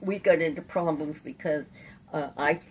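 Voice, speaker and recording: An older woman, a lawyer and activist, recounting her life in an oral history interview, lively and salty, acting out the people in her stories. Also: deep voice, moderate pace, far from the mic, slight background noise, rough recording. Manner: lively raconteur, laughs and curses while acting out scenes.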